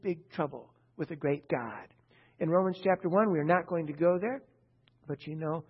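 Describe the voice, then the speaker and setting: A man delivers a fiery sermon in a high voice, swinging from quiet reading to forceful bursts and pointed rhetorical questions. The recording is muffled and lo-fi. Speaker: preacher. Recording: dull, muffled lo-fi sound.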